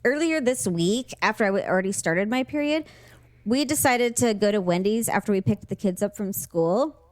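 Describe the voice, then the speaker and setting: A woman's voice: medium pitch, moderate pace, dry recording. Casual woman podcast host, dry close sound. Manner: animated storytelling, swearing. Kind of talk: casual chat.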